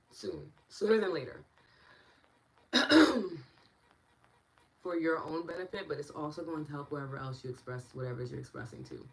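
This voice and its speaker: A young woman with a New York accent guides a live online session in a low, grounded voice. She talks to her viewers in a loose, chatty way and breaks into bubbly excitement. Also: a little hiss or hum, low-quality recording. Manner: bubbly, bursts into excited laughter. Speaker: meditation and tapping guide. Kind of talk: casual live-stream teaching while reading chat.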